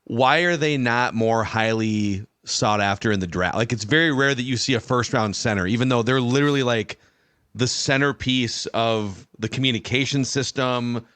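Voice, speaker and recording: A man's voice: mid-range voice, moderate pace, a bit bright, dry recording. Man asking long setup questions. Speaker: podcast host. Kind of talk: casual chat.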